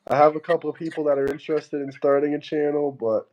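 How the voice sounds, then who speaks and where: A man's voice: a little high, flat delivery, fast, muffled recording, a little hiss or hum. A man hosting a live stream, chatting bluntly and swearing a lot. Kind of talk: casual chat.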